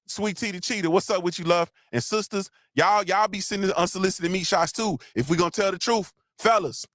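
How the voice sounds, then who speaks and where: A man hosts a motivational livestream, joking and preaching straight to his viewers. His voice sits a bit high. The sound is dry and close, with no room echo. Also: fairly bright tone. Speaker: livestream host. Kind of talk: casual motivational livestream talk.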